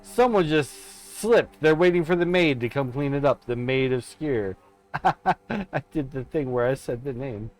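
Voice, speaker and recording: A man's voice: medium pitch, normal speed, soft background music. A man streaming a horror game live, commenting as he explores and making playful, mock-dramatic asides to himself.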